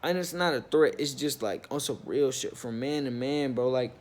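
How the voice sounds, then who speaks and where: A young man with a middle-height voice tells a story straight to the camera. His talk is loose and slangy, full of "like" and "bro" and plenty of swearing. When he gets heated, his pitch jumps up. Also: moderate pace. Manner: animated, with bursts of rising pitch when worked up. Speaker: vlogger telling a story. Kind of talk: storytime vlog, casual chat.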